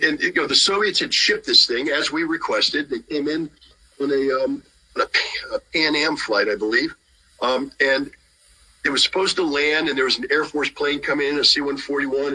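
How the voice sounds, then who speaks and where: Bright, husky man telling stories. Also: medium pitch, low-quality recording. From United States. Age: middle-aged. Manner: lively, acts out dialogue with shifting voices. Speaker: guest telling a story. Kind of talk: animated anecdotal storytelling.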